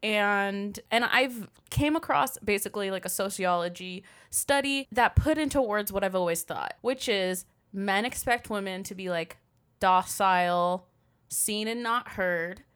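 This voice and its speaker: A young woman co-hosting a casual chat, blunt and animated, swearing freely. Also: medium pitch, a little slow, clear, resonant tone.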